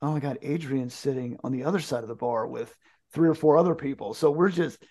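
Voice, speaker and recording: A man telling a story in casual chat, animated, jokey, acting out the dialogue. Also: mid-range voice, brisk.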